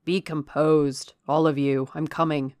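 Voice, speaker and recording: A woman voicing a brusque, commanding gentleman who orders the frightened household to calm down. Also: fairly high pitch, normal speed, no room sound.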